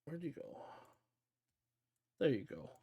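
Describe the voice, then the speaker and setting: A man's voice: a little high, very animated, slow pace, highs cut off, heavy background noise. A man streaming a video game live, thinking aloud and reading out game text as he plays. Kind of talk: live game playthrough commentary.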